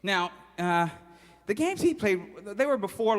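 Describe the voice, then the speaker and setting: A man tells a children's story live, playful and interactive. His voice sits fairly high and swings widely in pitch. A long hall reverb trails behind his words. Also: moderate pace. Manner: playful, animated, audience-interactive.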